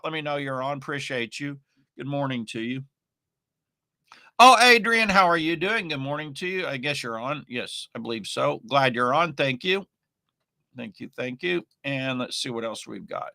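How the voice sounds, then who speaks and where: A man's voice: high voice, sharp tone, dry recording. A man teaching online marketing on a live stream, talking in an emphatic, repetitive, folksy way.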